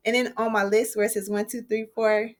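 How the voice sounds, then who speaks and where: A woman English teacher explaining a writing lesson clearly, with deliberate emphasis. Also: a little high, level tone.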